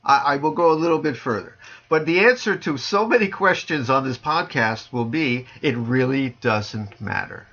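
A man who teaches Zen, chatting casually on a podcast over a video call, joking dryly and dropping his voice low on punchlines. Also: lively intonation, normal speed, few pauses, fairly bright tone, lo-fi sound. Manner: dry joking, playful sing-song delivery, drops low on punchlines. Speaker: Zen teacher answering listener questions.

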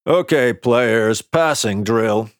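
Guy voicing a dismissive coach, short and commanding, slow clipped lines. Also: mid-range voice, dry recording, clean studio sound, voice pushed up, close to an everyday voice. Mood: curt. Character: gruff adult male sports coach, dismissive.

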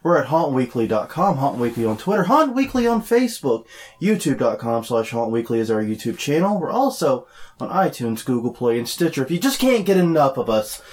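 A man co-hosting a podcast in casual chat, sounding slightly nasal and congested from a cold, joking along and reading event listings briskly. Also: medium pitch, big pitch swings, a little mellow. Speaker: podcast co-host. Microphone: desk mic, no lavalier.

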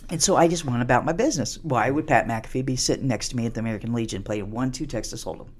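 A woman's voice: extremely low pitch, very fast, a little mellow, slightly rough. A middle-aged woman and comedian, a podcast guest telling rambling, profane stories with many restarts in a casual interview.

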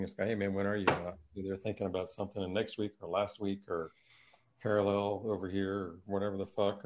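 A man's voice: on the low side, darkish tone. A man in casual conversation, laid-back, swearing freely and laughing often. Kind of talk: casual chat.

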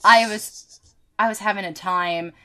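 A woman's voice: mid-range voice, steady tone, a little slow, over a noisy crowd. A woman co-hosting a podcast in casual chat, giggling, swearing freely and acting out lines from a movie. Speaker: podcast co-host.

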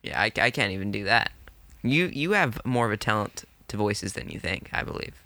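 A man's voice: fairly low pitch, animated, fairly quick, sharp tone, dry recording. A man co-hosting a casual chat, modest and agreeable. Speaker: podcast co-host, game master.

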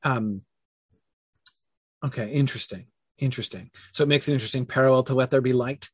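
A man's voice: medium pitch, brisk, breathy edge, dry recording. A man leading a casual online Bible study, thinking aloud with many fillers and self-corrections and answering chat comments.

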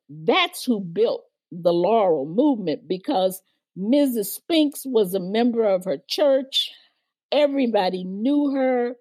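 A woman's voice: sits high, darkish tone, no room sound. An older woman, a guest on an interview, vividly recounting her past and acting out the people she quotes. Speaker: guest, former civil rights organizer. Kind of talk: storytelling interview.

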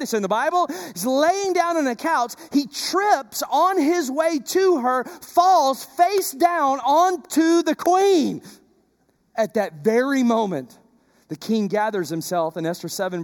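A pastor delivering a sermon, retelling a story with rhetorical questions. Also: sits high.

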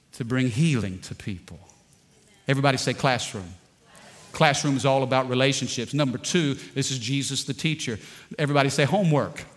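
A man pastor preaching a lively sermon, calling out to the congregation and telling funny stories. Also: mid-range voice. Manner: dynamic preaching, call-and-response with congregation, storytelling with humor. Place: large church sanctuary. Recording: long hall reverb.

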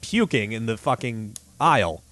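A man's voice: mid-range voice, normal speed, no room sound. A man casually recounting a story to friends on a podcast, swearing freely and acting out what people said. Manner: animated, swears freely, acts out quotes. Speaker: podcast host. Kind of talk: casual profane storytelling chat.

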